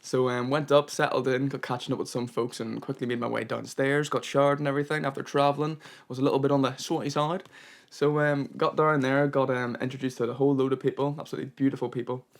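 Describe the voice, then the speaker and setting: A man's voice: medium pitch, level tone, fast, vocal fry. A young man narrating his travel vlog in a chatty, rambling way, full of "kinda" and "you know". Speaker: travel vlogger.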